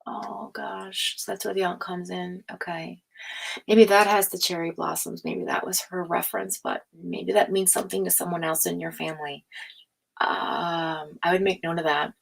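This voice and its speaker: A woman hosting a live tarot stream, chatting casually, reading out viewer comments, laughing often and slipping into hushed asides. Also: lowish voice, level tone, normal speed, gravelly, slightly rough.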